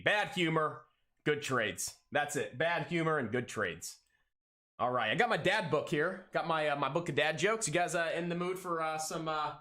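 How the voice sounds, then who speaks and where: A man hosting a live day-trading stream, calling out prices and cracking jokes in an excitable, hyped way. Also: on the high side. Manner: excitable, hyped, jokey, calls out prices rapidly. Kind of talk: live trading commentary and banter.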